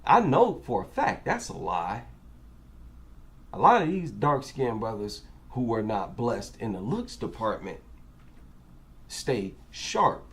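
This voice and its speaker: A man's voice: fairly low pitch, very animated, slow, long pauses. A man with an African American accent giving reaction commentary, incredulous and asking rhetorical questions.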